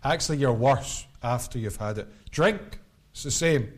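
A man's voice: medium pitch, moderate pace. A middle-aged man preaching an evangelistic sermon, building his points through impassioned, repetitive cadences.

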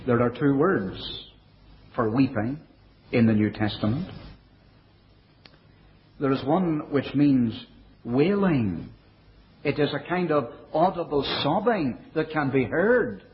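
A man preaching a sermon in a measured way, dropping his voice low and soft for quoted verses. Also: lively intonation, slight background noise. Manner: measured preaching, quoting scripture in older English. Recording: dull, lo-fi recording.

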